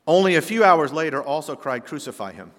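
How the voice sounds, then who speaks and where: A man's voice: a little high, expressive, a little fast. Emphatic male preacher in an echoing hall. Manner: emphatic preacher with rhetorical questions and swings in loudness. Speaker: pastor. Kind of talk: sermon. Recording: long reverb of a large hall.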